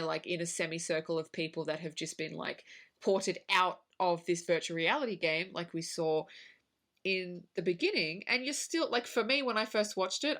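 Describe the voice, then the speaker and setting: Animated woman reviewing a film. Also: fairly low pitch. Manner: animated, swears, acts out her reactions. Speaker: podcast co-host. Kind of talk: casual film review chat.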